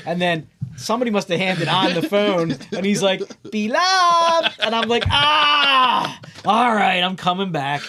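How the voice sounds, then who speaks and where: Man, middle-aged, podcast co-host, high voice, wry, teasing, casual chat. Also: bright, forceful tone.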